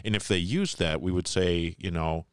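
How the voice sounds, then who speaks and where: A middle-aged man co-hosting a podcast in casual chat, telling stories in an animated way and laughing often. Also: low voice, moderate pace, clear, resonant tone, no room sound, studio quality. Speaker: podcast co-host.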